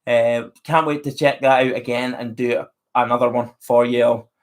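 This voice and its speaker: A man from Northern Ireland, with the accent to match, hosts a live stream and chats casually while reading out viewer comments. His mid-range voice is steady and moderately paced, and he's chatty and friendly, saying viewers' names aloud.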